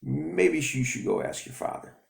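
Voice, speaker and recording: A man's voice: a little high, moderate pace, creaky, voice pushed up. A man voicing a patient, reassuring mother. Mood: puzzled. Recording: echoey room.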